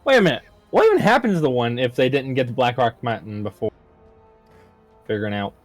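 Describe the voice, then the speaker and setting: A man's voice: mid-range voice, very animated, brisk, dry recording, soft background music. A man chatting casually as a player after a tabletop game, earnest and telling stories. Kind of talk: casual chat.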